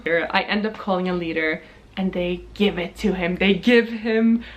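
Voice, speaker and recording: A woman in her twenties from Norway, telling a storytime vlog in a chatty, animated way with frequent laughs and swearing. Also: lowish voice, unhurried, dull audio. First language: Norwegian. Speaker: vlogger.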